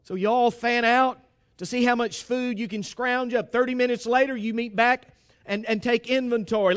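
A pastor giving a sermon, retelling a Bible story with humour and acting out the dialogue. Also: male voice, extremely high pitch, fairly even intonation, moderate pace, a bit bright, clean tone.

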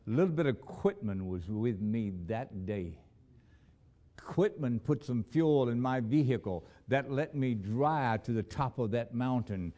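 A missionary man preaches a sermon through stories, swinging dramatically between loud emphasis and hushed, low lines.

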